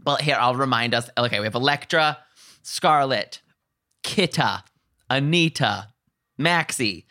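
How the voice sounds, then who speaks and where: A man's voice: medium pitch, no room sound, clean studio sound. A man hosting a podcast, chatting casually and laughing easily. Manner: animated, quick to laugh. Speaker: podcast host. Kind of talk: casual chat.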